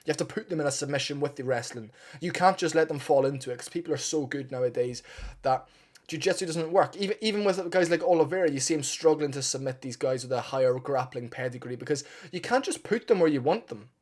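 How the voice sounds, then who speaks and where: A man's voice: fairly high pitch, lively intonation, fast talker, darkish tone. A man talking through an upcoming fight in a loose, unscripted way. He is blunt and partisan, swears freely and talks himself into strong opinions as he goes. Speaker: MMA fight analyst. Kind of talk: casual opinionated fight breakdown.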